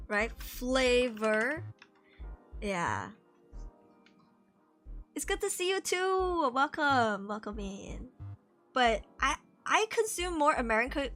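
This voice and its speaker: A Malaysian English-accented woman chats casually on a live stream, reading viewer messages aloud and answering each one. Her voice sits high and sounds bright, and soft music plays faintly underneath. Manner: chatty, reads chat messages aloud and answers them.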